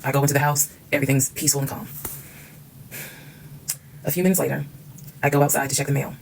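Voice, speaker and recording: Rapid-fire gravelly woman telling a story. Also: rumbling low, level tone, a little hiss or hum, rough recording. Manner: candid and emphatic, swears freely. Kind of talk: casual storytime monologue.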